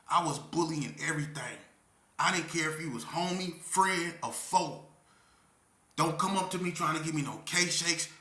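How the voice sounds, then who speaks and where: An intense man with a fairly high, bright, forceful voice tells his story as an interview guest. He uses street slang and keeps repeating his points, swinging from near shouts down to a low voice. The room around him rings with echo. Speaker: interview guest recounting prison life. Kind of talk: emotional storytelling to camera.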